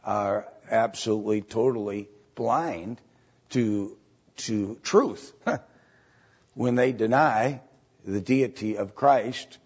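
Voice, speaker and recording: A man teaching a Bible study lecture, halting with fillers and often checking in with "right?" and "okay?". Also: on the low side, a little mellow, husky. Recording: dull lo-fi recording.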